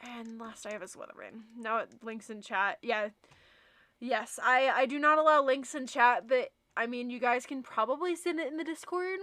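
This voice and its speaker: A woman's voice: a little high, moderate pace, bright, forceful tone, no echo. A young woman streaming and chatting casually with her viewers, reading chat aloud and laughing easily.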